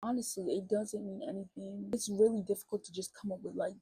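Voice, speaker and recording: A woman's voice: medium pitch, steady tone, fairly quick, dark tone, breathy edge, no room sound, poor audio. A young woman YouTuber talking in a rambling, conversational way to her channel. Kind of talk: casual vlog talk.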